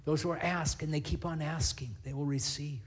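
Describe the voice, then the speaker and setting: A middle-aged man, a pastor, preaching a sermon and telling stories in a lively, animated way. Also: fairly high pitch, brisk. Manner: storytelling, animated, acts out scenes.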